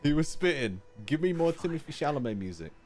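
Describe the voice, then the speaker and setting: A man's voice: on the high side, fast. A young male streamer reacts live, his voice swinging widely as he gets worked up. He laughs often and repeats whatever amuses him. Music sits faintly in the background. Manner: excitable, laughing often, repeating lines he finds funny.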